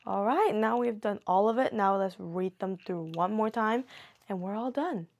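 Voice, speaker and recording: A woman teaching a beginner language lesson in a slow, patient way, muttering and correcting herself as she writes. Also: mid-range voice, a little mellow. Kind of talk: casual beginner lesson, writing on board.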